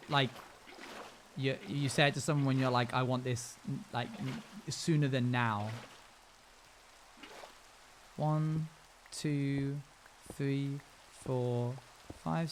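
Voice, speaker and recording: A man's voice: medium pitch, a bit bright, a little hiss or hum. A young man live-streaming a game, chatting casually with his viewers in a rambling, self-amused way.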